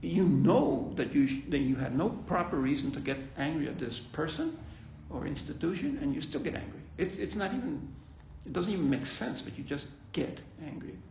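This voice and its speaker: A man's voice: on the high side, expressive, normal speed, vocal fry, hardly any pauses, a little mellow, slight background noise. A man leading a faith-based bereavement talk, conversational, often repeating himself and checking in with "okay?". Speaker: grief ministry leader. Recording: echoey room, dull lo-fi sound.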